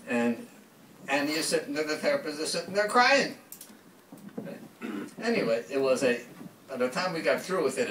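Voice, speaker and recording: A man's voice: medium pitch, fairly bright tone, slight background noise. An older man giving a public talk, telling a story and acting out the lines of the people in it. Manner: anecdotal, acts out quoted dialogue. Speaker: speaker. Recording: echoey hall from far off.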